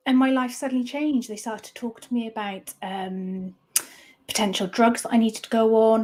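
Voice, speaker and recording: A woman in her thirties, an interview guest candidly telling a personal story, halting with frequent restarts. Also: a little high, a little mellow.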